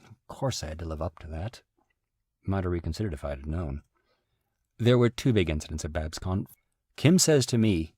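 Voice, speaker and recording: A man telling a story in a casual commentary, wry and animated, with sudden jumps in pitch. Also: a little fast, slightly rough, no echo, clean studio sound. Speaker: video essayist recounting events.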